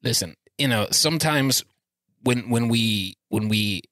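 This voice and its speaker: A man's voice: mid-range voice, measured pace, fairly bright tone, no room sound, studio quality, lightly acted. A man voicing an irritable, blustering male inspector, with a put-on Australian accent that slips into British, rambling and stalling with fillers. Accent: put-on Australian slipping into British.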